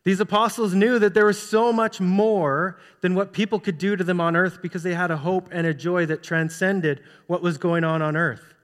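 A man preaching from the pulpit with a high-pitched voice, earnestly pressing rhetorical questions on the congregation. His words ring out with the long reverb of a large hall. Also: steady tone, normal speed, few pauses. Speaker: pastor. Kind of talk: sermon. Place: church sanctuary.

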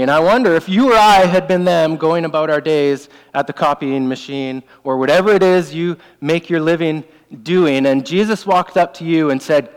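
A man's voice: high voice, normal speed, clear, resonant tone. A male preacher delivering an earnest sermon, stressing and repeating his main points. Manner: earnest, emphatic, repeats key phrases. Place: church sanctuary. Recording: long reverb of a large hall.

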